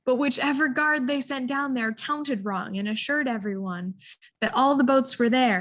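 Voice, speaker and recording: A woman telling a history story to an audience, animated and full of ums, putting listeners in the story with choices. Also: a little high. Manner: animated, addresses listeners with choices, frequent um fillers. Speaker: history presenter. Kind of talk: interactive storytelling talk.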